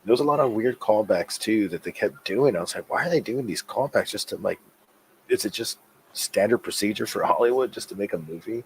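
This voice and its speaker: Gravelly low-voiced man, faint hiss. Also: fairly quick, rough recording. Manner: relaxed, retells movie scenes. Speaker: podcast guest. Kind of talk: casual chat.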